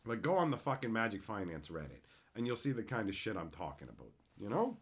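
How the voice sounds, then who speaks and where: A streamer with a lowish voice talks fast and very animatedly while hosting a live stream. He rants sarcastically and profanely, answering chat messages as he goes.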